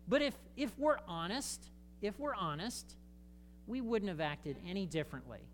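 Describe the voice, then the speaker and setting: A man preaching a sermon as a pastor, talking conversationally to the congregation with jokey asides and animated emphasis. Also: sits high, moderate pace, smooth.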